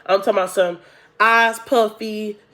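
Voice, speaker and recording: A young woman vlogger telling a casual storytime, animated and acting out the people she quotes. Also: mid-range voice, normal speed.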